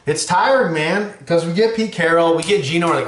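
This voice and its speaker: Excitable ranting man, echoey room. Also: a little high, moderate pace, a little hiss or hum. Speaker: podcast host. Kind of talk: sports talk podcast.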